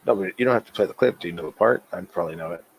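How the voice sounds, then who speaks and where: A man appearing as a guest on a video-call podcast, retelling movie scenes in a relaxed, casual way. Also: sits low, rapid-fire, creaky, husky, poor audio. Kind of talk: casual chat.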